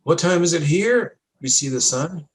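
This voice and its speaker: A man's voice: fairly high pitch, lively intonation, moderate pace, low-quality recording. A man teaching a class, talking students through moon and sun diagrams in a casual, step-by-step way with frequent checks. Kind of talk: classroom lab walkthrough.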